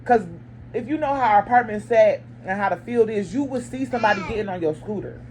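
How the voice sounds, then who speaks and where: Animated woman telling a story. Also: fast, slight background noise. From lives in Arizona. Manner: animated, acts out dialogue with sharp pitch jumps; blunt and chatty, talks straight to viewers. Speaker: storyteller and mother. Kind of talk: casual storytime to camera.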